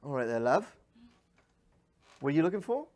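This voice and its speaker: A brash fairy woman who runs a dueling club, loud and swaggering, as a man puts her on. She calls people love and sounds a little higher than plain talk. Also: big pitch swings, normal speed. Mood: haughty.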